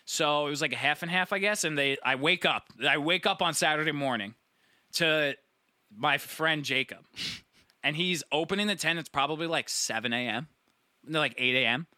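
A man's voice: on the high side, normal speed, dry recording, clean studio sound. A young man telling a long, profane party story in casual chat, acting out his friends' lines. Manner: rambling, profane, animated storytelling; acts out friends' voices.

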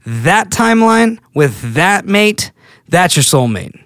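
A man's voice: high voice, big pitch swings, slow, fairly bright tone, no echo, clean studio sound. A man hosting his show alone, musing aloud in a rambling, self-deprecating way and often restarting his sentences. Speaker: podcast host. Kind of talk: casual solo monologue.

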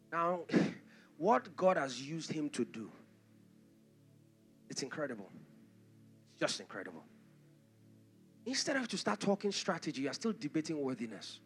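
A man preaching a sermon as pastor, impassioned and rising to shouts, with acted-out asides. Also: on the high side.

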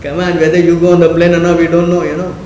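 A man's voice: fairly high pitch, monotone, quick pace, warm tone, slight background noise. A man teaching a spiritual class in a conversational way, often questioning his listeners and acting out quoted speech. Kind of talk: sermon class. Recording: echoey room.

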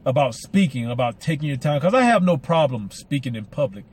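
A man's voice: mid-range voice, animated, brisk, darkish tone, slightly rough. Rambling Southern man with a slight lisp. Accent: Southern American. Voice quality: slight lisp from mouth aligners. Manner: rambling, repeats words, enthusiastic. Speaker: podcast host. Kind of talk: casual solo podcast monologue.

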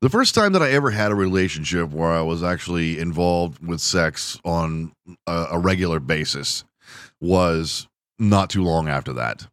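A man's voice: sits low, lively intonation, moderate pace, no room sound, studio quality. A man hosting a podcast, telling crude, self-mocking stories in a casual monologue. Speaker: podcast host.

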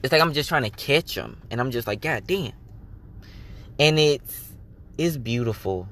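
A man of middle pitch talks alone into his podcast mic. His talk is loose and personal. He swears often and slips into lively re-enactments of his own thoughts. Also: moderate pace. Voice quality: candid, swears freely, animated self-quoting. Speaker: podcast host. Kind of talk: casual personal monologue.

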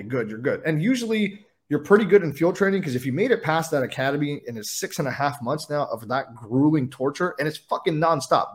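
A former patrol officer speaks quickly and bluntly, his voice set a touch higher than most men's. He tells his stories in casual interview talk, full of swearing. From California. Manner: fast, blunt, profane storytelling. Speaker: podcast guest, former highway patrol officer.

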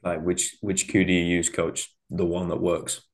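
A man's voice: low-pitched, little pitch movement, moderate pace. A man from northern England with a Manchester accent, hosting a podcast in a chatty, slangy way and laughing often. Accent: Northern English, Manchester. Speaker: podcast host. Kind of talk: casual conversation.

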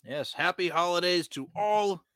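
A man's voice: sits high, measured pace, fairly bright tone, no room sound. A man co-hosting a podcast in casual chat, rambling with lots of "you know" fillers. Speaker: podcast co-host.

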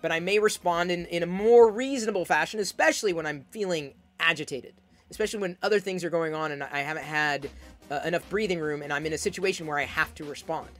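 A woman's voice: lowish voice, quick pace, soft background music. A woman giving an intense, emphatic advice monologue, often repeating words as she starts a sentence. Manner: loud and projecting.

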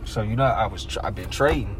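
A man in casual chat, talking in slang, rambling and shifting between low mumbles and loud bursts. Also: fairly quick, background noise.

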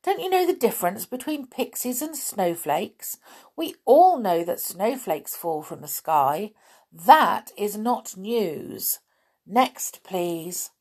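A woman voicing a bossy young boy in a children's story, impatient and lively. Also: medium pitch, takes it slowly, breathy edge, exaggerated voice.

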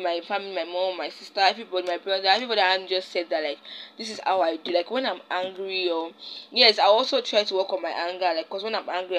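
A woman's voice: on the low side, a bit bright, poor audio. A young Nigerian woman hosting a casual solo podcast, rambling and often stopping to search for her words. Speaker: podcast host.

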